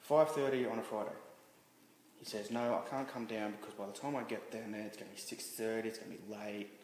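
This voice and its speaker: A man being interviewed as a guest, telling a personal story candidly, halting and restarting with many fillers. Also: lowish voice, steady tone, a little mellow. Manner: halting, frequent restarts and "you know" fillers. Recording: roomy reverberant room with faint noise.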